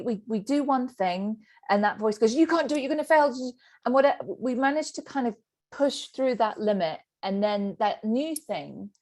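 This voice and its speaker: A middle-aged woman, a sobriety coach teaching a group session and acting out the inner voice. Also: mid-range voice. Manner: animated, acts out inner voices.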